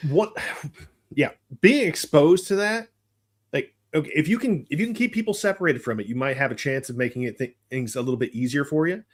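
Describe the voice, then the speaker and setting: A man's voice: on the high side, brisk. A man in casual movie talk with a friend, blunt and sweary. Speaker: podcast co-host.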